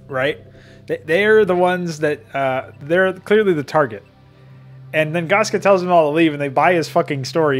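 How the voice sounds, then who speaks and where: A man's voice: fairly high pitch, a bit bright. A young man casually commenting on his own game campaign, self-mocking, swearing a lot and laughing often.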